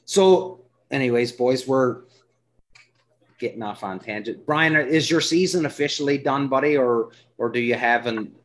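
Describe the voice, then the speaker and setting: A man's voice: mid-range voice, a little hiss or hum. Chatty Newfoundland-accented man hosting. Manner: chatty, rambling, quick to laugh. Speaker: podcast host. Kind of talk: casual podcast chat.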